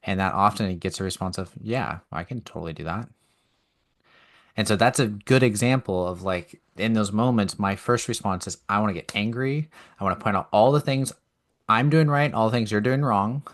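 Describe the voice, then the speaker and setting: Deep-voiced man, reflective podcast co-host. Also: a little fast. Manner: reflective, explains calmly with examples. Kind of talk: casual chat.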